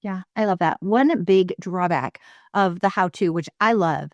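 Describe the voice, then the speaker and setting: A woman's voice: on the low side, a little slow, no echo. Chatty woman hosting a podcast. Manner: chatty and relaxed, many fillers. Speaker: podcast host. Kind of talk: casual podcast interview.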